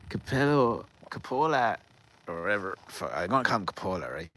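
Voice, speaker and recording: Low-voiced Irish man rambling outdoors. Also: animated, very fast, pushed and bright, low-quality recording. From Ireland. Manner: swearing, laughing, stumbling over names. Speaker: vlogger. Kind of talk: casual rambling anecdote. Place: garden outdoors.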